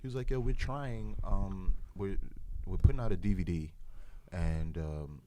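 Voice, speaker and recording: A man's voice: low-pitched, measured pace, mellow. A man in his forties from Brooklyn, New York, telling a rambling story on a podcast and acting out the voices of people he quotes. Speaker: podcast cast member. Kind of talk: casual storytelling chat.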